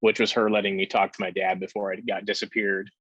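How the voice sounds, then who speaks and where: A man telling his story candidly in a casual interview, with halting fillers and the odd curse. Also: fairly low pitch, level tone, fairly bright tone, husky, no room sound. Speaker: podcast guest. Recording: dull lo-fi sound.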